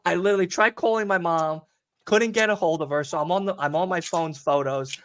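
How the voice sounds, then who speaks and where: A podcast host, a man, telling a story in casual chat, animated and profane, acting out the people he quotes. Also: a little high, brisk. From Long Island, New York. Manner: animated, profane, acts out quotes in put-on voices.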